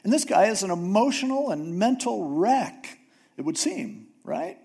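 A man's voice: sits high, sing-song, a little slow, creaky, a little mellow, breathy edge. A man preaching a casual sermon in a conversational way, often acting out biblical figures. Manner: conversational, acts out Bible figures.

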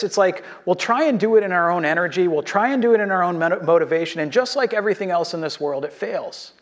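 Man pastor, a touch high-pitched, earnest sermon delivery with repeated exhortations. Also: fast talker, few pauses. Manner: earnest, exhorting, with repeated short phrases and soft laughs.

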